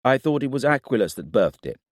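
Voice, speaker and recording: A man voicing a proud, stern king who speaks in a forceful, clipped, lecturing way. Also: mid-range voice, very animated, fairly quick, dry recording, studio quality, pitched above the performer's own voice.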